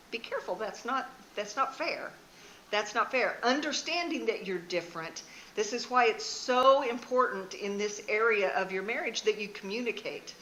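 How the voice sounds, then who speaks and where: A woman's voice: medium pitch, pushed and bright, lo-fi sound, slight background noise. A woman in her sixties giving a frank, earnest marriage seminar talk in a church hall, telling personal stories and laughing at herself.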